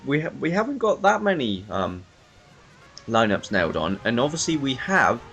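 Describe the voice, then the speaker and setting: Animated young man calling a race. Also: medium pitch, normal speed, a little hiss or hum. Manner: animated, self-deprecating, stumbles over names. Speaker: race commentator. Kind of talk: lively race commentary.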